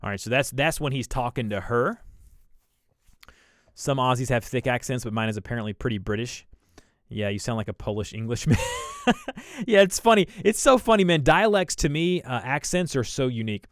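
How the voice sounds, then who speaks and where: A man's voice: mid-range voice, animated, a little fast, no room sound. Southern american man, young, livestream host, chatty rambling talk, dry close sound. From Southern United States. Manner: chatty, thinks aloud, frequent restarts and fillers. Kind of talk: casual livestream chat while editing.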